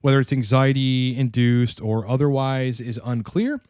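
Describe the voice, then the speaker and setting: Guy answering questions off the cuff, swears a lot, middle pitched voice, dry close sound. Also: measured pace, a little mellow, clear, resonant tone, no echo. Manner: blunt and profane, rambling with restarts. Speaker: coach. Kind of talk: casual Q&A monologue.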